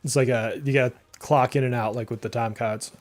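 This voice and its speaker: A man streams a game and chats loosely, with a mid-pitched voice and a mild Massachusetts accent. He has a slight speech impediment and fills his talk with "like". Faint music plays behind him. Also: fairly even intonation, a little fast. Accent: mild Massachusetts, slipping through on some words. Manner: chatty and rambling, many "like" fillers, reacts aloud to the game. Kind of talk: casual live-stream gameplay commentary.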